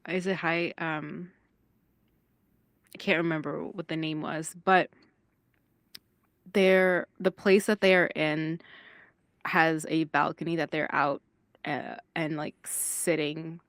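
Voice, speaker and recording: A woman player describing her character in a tabletop role-playing game, halting and searching for words. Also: sits low, steady tone, dry recording, clean studio sound.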